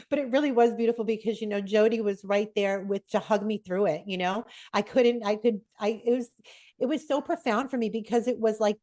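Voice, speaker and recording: A woman's voice: medium pitch, a little mellow. A middle-aged woman, a nurse and podcast co-host, speaking in a heartfelt, affirming way. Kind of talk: casual podcast chat.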